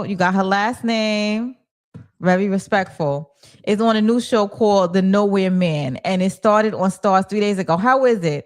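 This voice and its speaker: A woman hosting a casual TV recap stream, retelling scenes with lively quoted dialogue and breaking off to read viewer comments. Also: mid-range voice. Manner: animated storyteller, acts out characters' lines, reads viewer chat. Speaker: show recap host.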